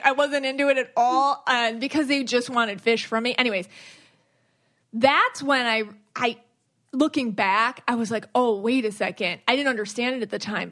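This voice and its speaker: Woman, podcast host, casual chat, animated, rambling, frequent restarts, slightly high voice. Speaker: podcast host and psychic medium.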